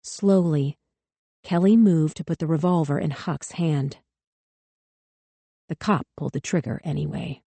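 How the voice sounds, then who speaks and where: A woman narrating a thriller audiobook in a measured, tense way. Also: low voice, vocal fry, mellow, dry recording. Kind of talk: scripted narration.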